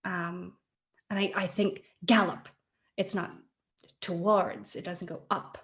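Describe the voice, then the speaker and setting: A young adult woman, a guest actor, chatting in a webinar about her process, thoughtful and halting with many fillers and restarts, heard over a video call. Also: on the low side, steady tone, a bit bright. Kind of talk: casual webinar chat.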